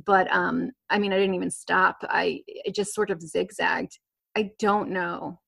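A woman's voice: on the low side, fairly even intonation, measured pace, gravelly, a bit bright, husky. A woman guest telling a personal story in conversation, rambling with many fillers and restarts and nervous laughs. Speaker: interview guest.

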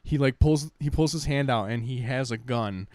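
A man's voice: mid-range voice, normal speed, darkish tone, dry recording. A young man telling rambling, profane stories on a casual podcast, full of fillers. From Detroit area, Michigan. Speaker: podcast co-host.

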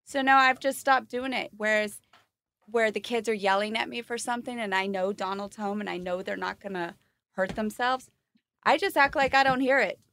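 A woman's voice: fairly high pitch, moderate pace, creaky, a bit bright. A woman guest on a podcast, talking candidly and laughing as she tells stories about home life. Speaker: guest giving parenting advice. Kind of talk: casual podcast chat.

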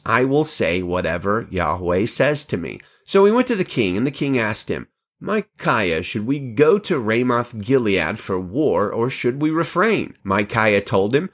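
A man reading scripture aloud at an unhurried pace, with occasional slips and self-corrections, lifting his pitch for quoted speech. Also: lively intonation. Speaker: scripture reader.

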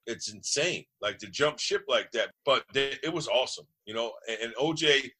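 Speaking at a moderate pace in a slightly rough, medium-pitched voice, a middle-aged New Jersey man who once played quarterback guests on a casual chat. He's loud, animated and profane as he spins locker-room stories.

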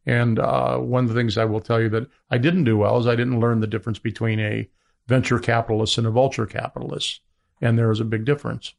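A man talking as a guest in a business interview, rambling with many restarts as he makes his pitch. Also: flat delivery, quick pace, gravelly. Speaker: media entrepreneur guest.

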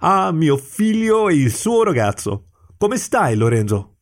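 A man voicing a warm, jovial older male otter father who speaks expansively and drops in Italian phrases in a read-aloud story. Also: fairly high pitch, very animated, measured pace, pitched above the performer's own voice.

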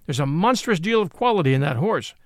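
A man voicing a male horse dealer at a fair, with brisk sales talk. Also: a little high, expressive, no echo, clean studio sound. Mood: persuading.

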